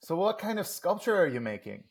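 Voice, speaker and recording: Hobbes, a man reading a dry, calm tiger. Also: high voice, brisk, creaky, breathy edge, voice pushed up, heavily acted.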